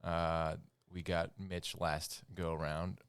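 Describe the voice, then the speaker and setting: A man's voice: low voice, level tone, slow, clear, resonant tone, dry recording. A man hosting a podcast in casual chat, making dry, wry remarks. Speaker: podcast host.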